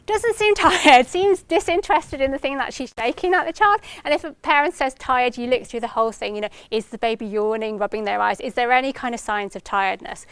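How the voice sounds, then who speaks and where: A woman lecturing an audience in a clear, smooth and fairly high voice, recorded close and dry. She explains with example after example, lifting her voice when she imitates what parents say. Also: a little fast, few pauses, dry recording. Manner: explanatory, gives examples and acts out parents' lines in a lifted voice. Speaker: university researcher giving a talk. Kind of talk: lecture to practitioners.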